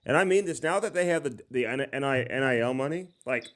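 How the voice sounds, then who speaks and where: A man's voice: medium pitch, lively intonation, fast, a bit bright. A man co-hosting a podcast from his home studio, rambling in a joking, mock-serious way. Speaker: podcast co-host. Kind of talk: casual podcast chat.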